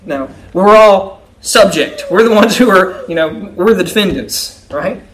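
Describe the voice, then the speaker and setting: A man's voice: sits high, lively intonation, measured pace, fairly bright tone, rough recording. A man preaching a sermon to a congregation in a conversational style, often checking in with them by asking "right?". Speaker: pastor.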